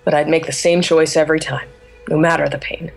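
A woman voicing a loyal young male bee-man bodyguard, speaking deferentially and quietly. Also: low-pitched, flat delivery, brisk, gravelly, soft background music. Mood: humble.

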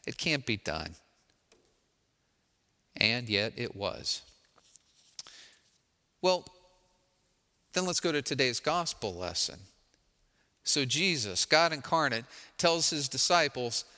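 Bright-voiced man preaching in a hall. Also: medium pitch, very animated, slow pace, long pauses. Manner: conversational, wry, acts out quoted lines. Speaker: pastor. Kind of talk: sermon.

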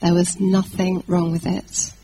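A woman from England preaching a sermon, telling a personal story in a lively anecdotal way with fillers and restarts. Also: on the low side, measured pace, slight background noise, poor audio.

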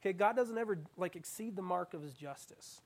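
A young man preaching an interactive sermon, animated and playful, with self-mocking asides. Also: high voice, fairly quick. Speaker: student preacher.

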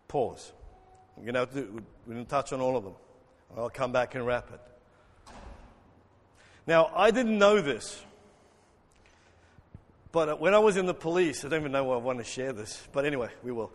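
A man preaching an interactive sermon as pastor, lively and joking with the congregation, acting out voices. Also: fairly high pitch, normal speed, pauses often. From South Africa. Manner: animated, acts out voices, jokes with congregation. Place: church hall. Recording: long hall reverb.

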